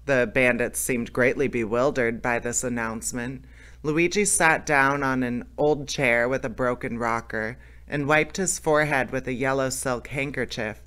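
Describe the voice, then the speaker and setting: Guy reading a fairy tale out loud, bright voice, little slips here and there. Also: mid-range voice, steady tone, moderate pace, clear, resonant tone. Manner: plain storybook narration with small slips. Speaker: storyteller.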